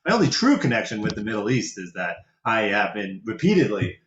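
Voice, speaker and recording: A man's voice: fairly low pitch, fairly quick, lo-fi sound, slight background noise. A man in his thirties, a podcast guest, telling anecdotes in casual chat and laughing often. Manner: animated storyteller, laughs often. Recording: roomy echo.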